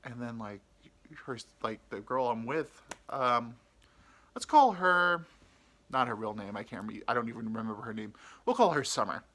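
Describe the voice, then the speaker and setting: Young man, casual comic storytelling, rambling, crude, lots of "like" fillers, bright tone, middle pitch. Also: animated, normal speed. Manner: rambling, crude, full of "like" fillers, acts out quotes. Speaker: podcast storyteller.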